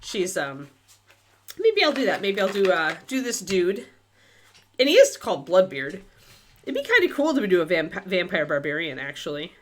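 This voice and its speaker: A chatty woman with a lively, swooping voice hosts a miniature-painting stream. She thinks out loud, drifts between topics and fills pauses with ums and uhs. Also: lowish voice. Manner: chatty, thinks aloud, many fillers, talks to her dog. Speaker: miniature painting livestream host. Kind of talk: casual chat while painting on a livestream.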